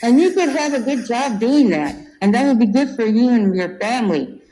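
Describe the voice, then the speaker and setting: A woman's voice: on the high side, expressive, normal speed, dark tone, a little hiss or hum, lightly acted, low-quality recording. A woman in her seventies voicing a pushy, condescending school counselor in a retold story. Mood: patronizing. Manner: patronizing, coaxing.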